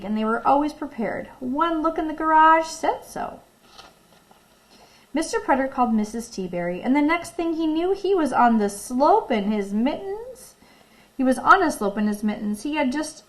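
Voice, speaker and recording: Reading a picture book aloud to a recorded class, this elementary school teacher uses a high, light voice and an animated, expressive delivery. Now and then she pauses the story to quiz the kids and have them pause too, all captured on a rough recording.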